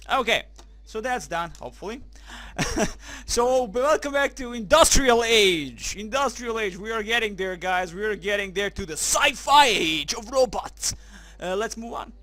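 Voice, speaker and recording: A high-pitched man commentates a game with a swooping, lively delivery. His voice is bright and forward, and his humour is crude and excitable. He keeps throwing in German phrases. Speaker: gaming commentator. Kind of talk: let's play commentary.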